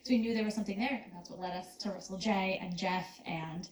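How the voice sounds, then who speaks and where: A woman's voice: medium pitch, fairly even intonation, fast talker. Woman producer chatting, sounds far from mic, echoey room. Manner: casual, storytelling. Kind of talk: panel discussion answer. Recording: distant echoey hall mic.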